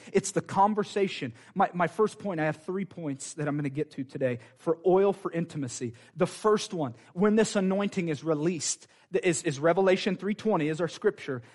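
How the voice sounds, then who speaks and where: A man preaching a sermon in a fervent, conversational way, with quick asides to the congregation. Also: on the high side, a little mellow.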